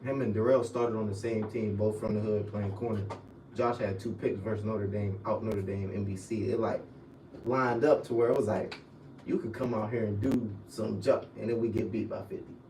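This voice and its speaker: A young man, a former college football player, telling stories in relaxed slang on a casual podcast. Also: moderate pace. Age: young adult. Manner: laid-back storytelling with slang, drifts low and quiet. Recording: echoey room, mic at a distance, faint noise.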